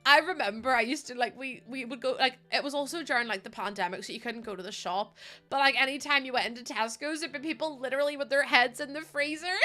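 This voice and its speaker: A woman's voice: high-pitched, moderate pace, bright, forceful tone, faint music behind. A young woman chatting casually to her live chat as a streamer, laughing often and filling with "like". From United Kingdom.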